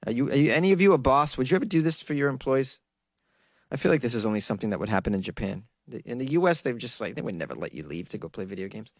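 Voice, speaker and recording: A man's voice: medium pitch, lively intonation, racing, no echo, studio quality. Joking man hosting comedic news. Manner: chatty, joking, asks viewers questions. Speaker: comedy show host.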